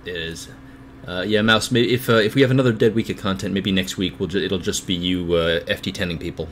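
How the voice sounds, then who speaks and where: A podcast host rambles casually on a livestream, self-deprecating and full of fillers and restarts. His low voice is fairly bright and steady, moving a little fast, with a little hiss or hum in the audio.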